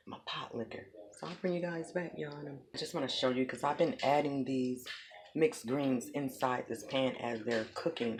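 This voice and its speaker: A woman's voice: rumbling low, creaky, noisy background. A woman giving a chatty, folksy home cooking tutorial in her kitchen. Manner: chatty, folksy, talks to viewers as y'all. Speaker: home cook.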